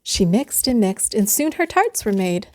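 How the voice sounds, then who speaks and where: Woman gently reading a bedtime story. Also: mid-range voice, sing-song, measured pace.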